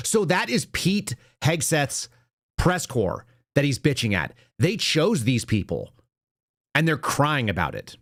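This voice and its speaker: A man's voice: medium pitch, no room sound, studio quality. A man hosting a political podcast, giving blunt, sarcastic commentary full of rhetorical questions. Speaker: podcast host.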